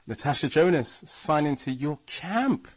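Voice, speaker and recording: A man's voice: fairly high pitch, big pitch swings, a little slow, breathy edge. A man hosting a casual sports podcast, full of laughing, hyped banter. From England. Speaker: podcast host.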